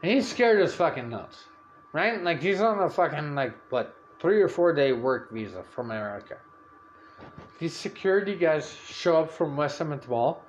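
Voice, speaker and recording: A man's voice: on the high side, moderate pace, highs cut off, slight background noise. Foul-mouthed man ranting. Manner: swears constantly, animated and rant-like. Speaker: podcast host. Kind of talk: profane rambling storytelling.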